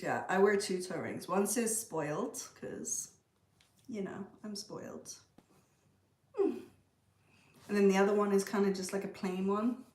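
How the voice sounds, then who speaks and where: Woman, livestream host, casual chat, unhurried, answers viewers, roomy echo. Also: medium pitch. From Canada. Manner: chatty, reads out and answers viewer comments. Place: room at home with a pet bird.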